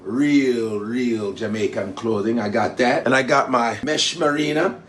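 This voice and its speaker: A boisterous man comedian from Nigeria, spinning an animated travel story with sudden high leaps in pitch. His voice sits at an ordinary middle pitch. A faint hum of background noise runs under the recording. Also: unhurried, few pauses. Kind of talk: animated stand-up style storytelling.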